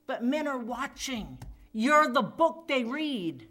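A woman's voice: sits high, sing-song, takes it slowly, a bit bright. A woman preaching a sermon, retelling a scripture story in an emphatic, dramatic way. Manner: emphatic, dramatic, acts out quoted voices.

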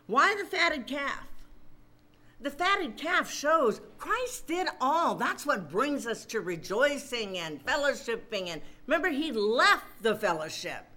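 A woman's voice: sits high, very animated, slow, pushed and bright. A woman preaching a sermon, drawing out her words for emphasis and turning to her listeners with asides.

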